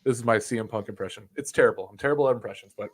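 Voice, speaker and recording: A man's voice: mid-range voice, rapid-fire. A young man telling a long, profane, rambling wrestling story as a podcast guest. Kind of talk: casual chat.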